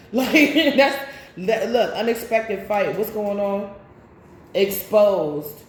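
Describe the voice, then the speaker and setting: A woman's voice: medium pitch, slow pace, a little hiss or hum. Echoey, chatty woman tarot reader. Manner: chatty, loose and profane, with sudden loud bursts. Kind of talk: casual spiritual reading and storytime. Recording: very echoey room.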